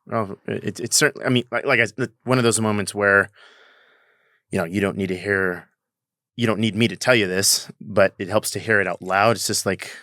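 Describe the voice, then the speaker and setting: A man talking as a podcast guest in casual chat. He sounds calm and reflective, hesitant at times. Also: on the low side, a little fast, no room sound, studio quality. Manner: calm, reflective, hesitant, with many fillers and restarts.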